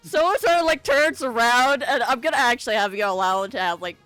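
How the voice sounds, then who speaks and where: A woman's voice: fairly high pitch, fairly quick, fairly bright tone, clear, resonant tone. A woman running a tabletop game as game master, casual, laughing often and swearing.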